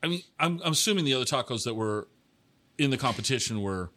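A man's voice: mid-range voice, expressive, fast, pushed and bright. Rambling, teasing male podcast host. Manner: rambling, restarts sentences, teasing. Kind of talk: casual interview chat.

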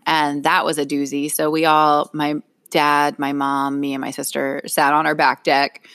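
A woman's voice: deep voice, completely flat delivery, a little slow, fairly bright tone, clear, resonant tone, dry recording, studio quality. A middle-aged woman co-hosting a podcast, telling a story in casual chat, laughing often and acting out what others said. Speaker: podcast co-host.

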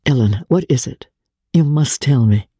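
A woman voicing an earnest young gentleman who speaks in a pleading, smitten way. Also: very deep voice, animated, normal speed, slightly rough, no room sound, studio quality, full character voice.

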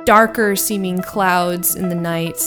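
A woman's voice: on the low side, steady tone, slow pace, loud music behind the voice. A woman narrating a tabletop game as game master, with vivid, descriptive storytelling.

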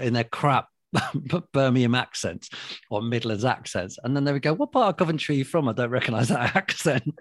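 A middle-aged man with a London accent, a guest telling TV stories in a lively way, laughing and swearing freely. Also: medium pitch, dry recording, clean studio sound. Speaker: guest, former TV presenter. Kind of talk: casual reminiscing chat.

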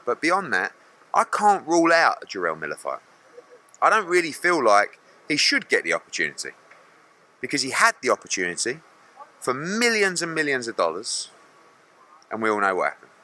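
A man's voice: medium pitch, pushed and bright. A middle-aged man, a boxing promoter answering press questions bluntly and acting out other people's lines.

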